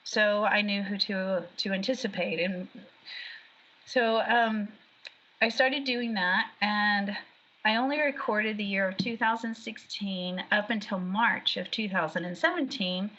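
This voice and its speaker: A woman's voice: medium pitch, measured pace. A woman being interviewed about her work as a background actor. She chats casually and tells stories with lots of energy and laughter. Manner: chatty, animated storyteller who laughs often. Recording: dull lo-fi sound.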